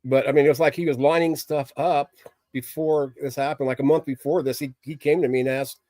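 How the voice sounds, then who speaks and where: A man's voice: on the high side, steady tone, fairly quick, warm tone, no echo. A middle-aged man hosting a casual livestream, talking candidly with viewers in a rambling, plain-spoken way. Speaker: livestream host chatting with viewers.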